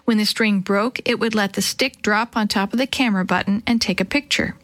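A woman reading a children's chapter book aloud, telling the story gently and lightly voicing the characters. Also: medium pitch, fairly quick, no echo. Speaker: storybook reader.

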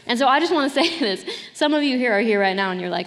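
A woman's voice: medium pitch, brisk, fairly bright tone, in a large hall. A middle-aged woman pastor preaching a sermon in an earnest, conversational way, with light laughs between points.

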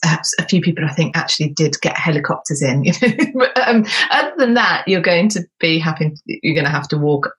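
A woman with a somewhat low voice co-hosts a podcast. She shares stories and tips in a casual, chatty manner, laughing often. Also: a bit bright. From United Kingdom. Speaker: podcast co-host and history tour guide. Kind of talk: casual conversational chat.

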